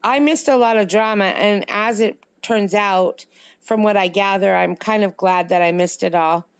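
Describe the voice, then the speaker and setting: A woman's voice: medium pitch, normal speed, smooth, no echo. A woman with a slight New Jersey accent, co-hosting a casual late-night live chat and rambling to viewers in the chat. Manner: chatty, rambling, answers viewer comments. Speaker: livestream co-host. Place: home in California at night.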